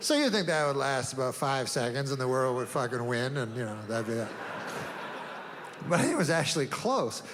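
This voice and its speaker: An older man doing a deadpan stand-up set, rambling through long setups with drawn-out pauses and sudden asides. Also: medium pitch, long reverb tail, background noise. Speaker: stand-up comedian.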